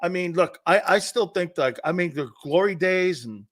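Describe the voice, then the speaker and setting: A man with a fairly high voice hosts a sports talk show in a studio. He is on his feet, rambling through animated stories and restarting his sentences again and again. His tone is loose and casual. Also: normal speed. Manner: does the show standing up.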